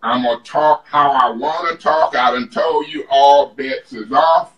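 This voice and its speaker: A city council member argues in a heated debate, combative and emphatic, mocking others in put-on voices. His mid-range voice is fairly bright and measured in pace. A distant mic in an echoey chamber cuts off the highs.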